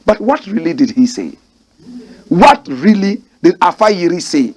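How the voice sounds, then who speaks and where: A man's voice: sits high, big pitch swings, unhurried, a little mellow. A Ghanaian man giving fiery political commentary, mocking and firing rhetorical questions.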